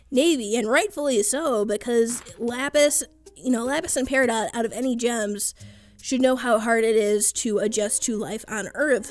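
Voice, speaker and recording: A young woman casually recapping and giving her opinion on a cartoon episode, chatty and quick to laugh. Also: on the high side, a little mellow. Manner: chatty, laughs often, quotes characters loosely. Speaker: cartoon reviewer.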